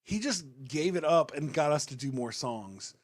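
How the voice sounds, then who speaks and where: A man's voice: a little high, lively intonation, normal speed. Rambling man hosting a podcast. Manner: rambling and loose, with many fillers and restarts. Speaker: podcast host and rapper. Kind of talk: casual podcast chat.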